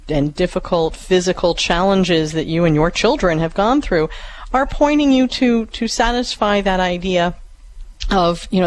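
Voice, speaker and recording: A woman co-hosting a call-in radio advice show, earnest and encouraging, speeding up and then slowing to stress her points. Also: on the low side, a little hiss or hum. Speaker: radio show co-host and counselor.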